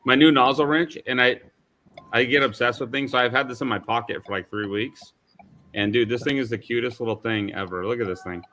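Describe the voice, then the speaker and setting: A man hosting a live online chat about making things, telling animated, rambling stories with many restarts. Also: medium pitch, a little fast, a little hiss or hum. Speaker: host of a live maker chat. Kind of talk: casual chat.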